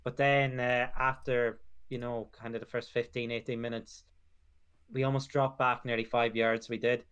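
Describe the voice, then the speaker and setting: A man's voice: mid-range voice, flat delivery, normal speed, a bit bright, smooth, muffled recording. A man giving opinions in a casual football chat, tagging his sentences with short repeats. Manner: opinionated, tag endings like "it was".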